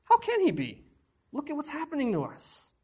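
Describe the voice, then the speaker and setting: Gideon as a doubtful young warrior, as a male preacher puts him on. He speaks in a fairly high, pleading voice and questions everything he is told. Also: wildly swooping pitch, moderate pace, a little mellow, full character voice.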